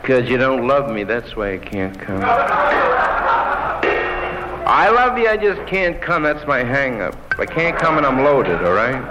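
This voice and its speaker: A man's voice: medium pitch, sing-song, moderate pace, few pauses. A man performing a stand-up comedy routine in a repetitive, mocking, escalating manner. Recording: dull lo-fi archive recording with music.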